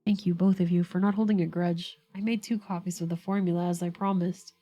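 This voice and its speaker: A woman's voice: on the low side, steady tone, fairly quick, warm tone, faint music behind, close to an everyday voice. A woman voicing an earnest, remorseful young man who is an older brother, reading the lines aloud in her own voice.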